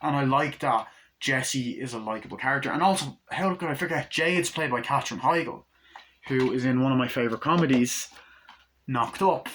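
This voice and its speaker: Bright-voiced young man reviewing a movie. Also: mid-range voice, normal speed, slight background noise, poor audio. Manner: rambling, chatty, swears freely.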